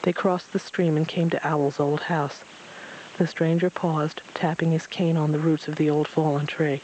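A man reads a storybook aloud in a calm, even manner. His voice sits a little high. Faint hiss hangs under the recording. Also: normal speed, poor audio. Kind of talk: storybook read-aloud narration.

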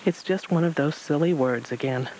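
A man's voice: fairly high pitch, moderate pace, darkish tone, slight background noise, close to an everyday voice, rough recording. A man voicing a world-weary stranger with a cane who sighs as he speaks, in a storybook reading. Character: weary old male stranger with a cane, sighing.

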